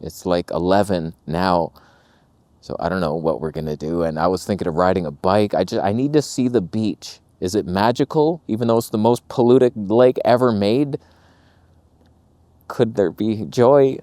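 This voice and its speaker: A man strolls through a small town while chatting to his vlog, wandering through dry, joking anecdotes. He speaks at a moderate pace in a warm, lowish voice, and there is no room sound.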